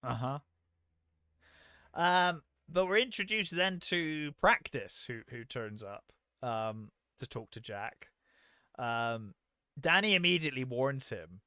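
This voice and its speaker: Bright, forceful man reviewing films. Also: mid-range voice, animated, slow pace, no room sound, clean studio sound. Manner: retells scenes with acted-out quotes, many fillers. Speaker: podcast co-host. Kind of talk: casual movie review chat.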